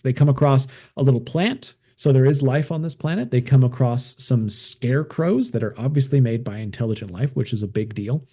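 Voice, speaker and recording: On his podcast, a man with a dark-toned, mid-range voice walks through a film's plot. The recap is casual and meandering, heavy with filler words.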